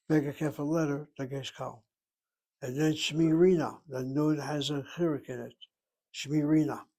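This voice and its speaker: A man giving a recorded Hebrew lesson, slowly explaining syllables and vowel marks. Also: fairly high pitch, darkish tone, rough recording. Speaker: Hebrew teacher. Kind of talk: recorded independent-study lesson.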